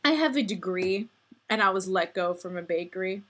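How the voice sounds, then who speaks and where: A woman's voice: mid-range voice, lively intonation, normal speed, a bit bright, a little hiss or hum. A woman in her twenties talking casually to her viewers in a rambling, self-deprecating vlog monologue. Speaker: vlogger.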